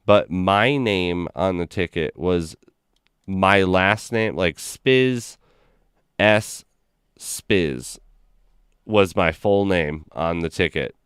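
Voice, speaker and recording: A man's voice: sits low, takes it slowly, fairly bright tone, clear, resonant tone, no room sound, clean studio sound. A man in casual chat, telling a long rambling story full of "like" and acting out the people in it. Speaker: gaming stream host.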